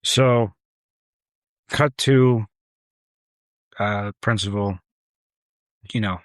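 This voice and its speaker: A man's voice: fairly low pitch, extremely slow, no room sound. A man co-hosting a podcast, casually and animatedly retelling a film. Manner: animated retelling with acted-out quotes. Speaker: podcast co-host. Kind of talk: casual film recap chat.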